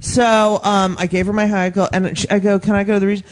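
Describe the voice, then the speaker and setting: A man with a notably high speaking voice hosts a radio talk show, telling a rambling story full of fillers and laughter. His delivery is loose and conversational. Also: level tone, fairly quick. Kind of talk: casual radio chat.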